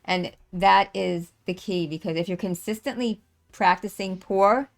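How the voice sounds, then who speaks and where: A woman's voice: medium pitch, a little slow, gravelly. A woman hosting a live stream, talking casually and rambling, with many fillers and restarts. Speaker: livestream host and tour organizer.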